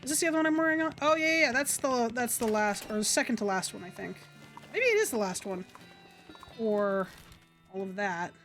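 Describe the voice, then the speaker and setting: Young woman, game streamer, high-pitched, upbeat and chatty, soft game music behind. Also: animated, a little fast. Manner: chatty, upbeat, reads game text aloud. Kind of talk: casual gameplay livestream chat.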